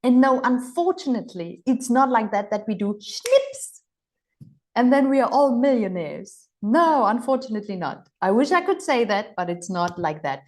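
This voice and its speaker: A woman's voice: a little high, sing-song, moderate pace. Woman, upbeat online mentor, exclamatory and playful. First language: German. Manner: enthusiastic, exclamatory, acts out gushing voices. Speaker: healing and money mentor. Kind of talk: live online coaching session.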